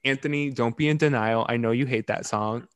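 Animated young man on a podcast. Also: mid-range voice, clear, resonant tone, dry recording. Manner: animated, quick bursts, laughs often. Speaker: podcast co-host. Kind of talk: casual chat.

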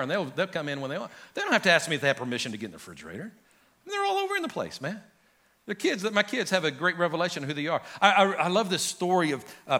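A middle-aged man preaches to his congregation in a lively, animated way, calling out to the crowd and rising into shouts. His voice sits high for a man and has a bright, forceful edge. It is a church sermon delivered in a large sanctuary. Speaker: pastor.

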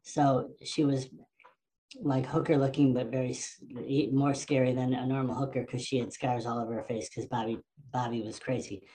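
A man in his fifties tells a personal story in a casual, animated way, swearing freely and acting out what people said. He speaks at a moderate pace in a mid-range voice.

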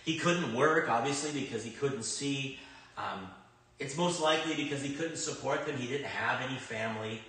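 A man preaching a sermon in a conversational way, swinging between loud emphatic bursts and quiet reflective stretches. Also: mid-range voice, moderate pace, far from the mic. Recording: very echoey room, speaker off-mic.

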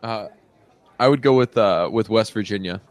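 A man's voice: fairly low pitch, moderate pace, no room sound. A man co-hosting a podcast, chatting casually and rambling with lots of fillers and laughs. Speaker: podcast co-host. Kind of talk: casual chat.

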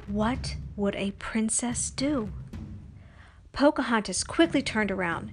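A woman reading a children's storybook aloud in an expressive, animated way. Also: a little high, slow, a little hiss or hum. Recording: faint music underneath.

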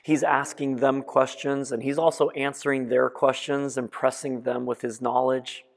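A man preaching a sermon, retelling a story in a reflective way that swings between soft and emphatic. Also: medium pitch, level tone, normal speed, vocal fry. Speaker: pastor. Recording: long echoing reverb.

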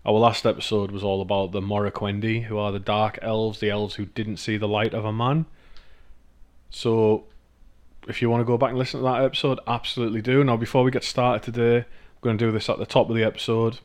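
A man's voice: on the low side, level tone, brisk. A man from northeast England with a northeast English accent, co-hosting a podcast in casual chat, rambling, swearing and laughing often. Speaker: podcast co-host.

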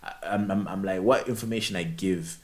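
A young man, chatting casually and telling animated stories with frequent laughs and restarts. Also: low voice, fairly quick. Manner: animated storyteller, laughs often, many restarts. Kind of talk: casual chat.

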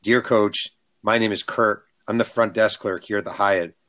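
A man's voice: on the low side, moderate pace. A man, a book author, telling anecdotes in casual conversation and acting out the people he quotes. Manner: animated, acts out quotes. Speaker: author guest. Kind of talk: casual storytelling.

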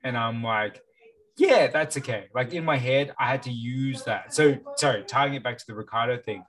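A man's voice: medium pitch, a little fast, a bit bright, low-quality recording. Aussie guy on a podcast, rambly, says like every other word, swears a bit. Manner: rambling, heavy use of "like" fillers, occasional swearing. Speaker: podcast co-host. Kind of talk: casual chat.

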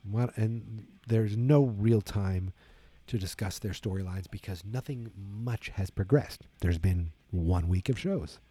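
Tired, rambling man with a low voice. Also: measured pace, dark tone, slightly rough, no room sound. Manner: rambling, lots of fillers and restarts. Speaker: wrestling podcast host. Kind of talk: casual solo commentary.

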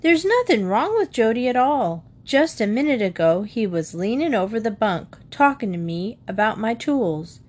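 A woman's voice: fairly high pitch, sing-song, moderate pace, few pauses, a little mellow, voice pushed up. A woman voicing a boy who scornfully tattles on his younger brother.

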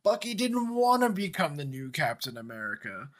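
A young man co-hosting a podcast, talking in a relaxed, laid-back way with casual swearing. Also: on the high side, moderate pace. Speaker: podcast co-host. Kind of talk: casual chat.

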